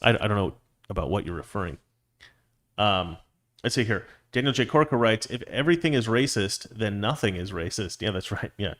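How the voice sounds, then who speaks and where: A man's voice: on the low side, animated, a little fast, a bit bright. Rambling opinionated man hosting a live stream. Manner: rambling, opinionated, many restarts and fillers. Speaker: host. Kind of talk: casual live-stream commentary.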